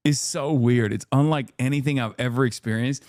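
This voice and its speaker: A man's voice: medium pitch, steady tone, brisk, a little mellow, dry recording, studio quality. A man streaming live, reacting to clips with sarcastic jokes and frequent laughter. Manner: sarcastic, joking, laughs often. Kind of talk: casual live reaction commentary.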